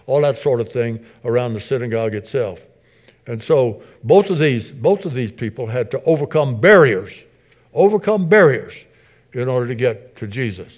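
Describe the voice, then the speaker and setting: An American pastor in middle age preaches an earnest sermon in a mid-range voice, repeating phrases as his intensity builds. When he turns to prayer, he grows soft and subdued.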